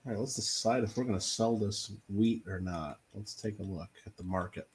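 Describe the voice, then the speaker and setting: A man's voice: on the low side, normal speed, slight background noise. A playful man chatting casually while playing a farming game, often laughing. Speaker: co-streamer. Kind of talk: casual gameplay chat.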